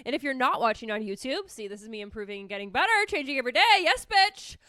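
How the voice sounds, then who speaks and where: A woman's voice: fairly high pitch, expressive, quick pace, bright, forceful tone, no echo, studio quality. A woman therapist hosting a casual solo podcast, talking candidly with lots of swearing and self-mockery. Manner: candid, chatty, swears freely, self-mocking.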